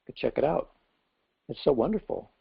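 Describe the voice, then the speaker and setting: A man's voice: fairly high pitch, expressive, moderate pace, creaky, breathy edge, dull audio, pitched above the performer's own voice, exaggerated voice. A man voicing a small, contented male frog who boasts about his well and then marvels at the wide world.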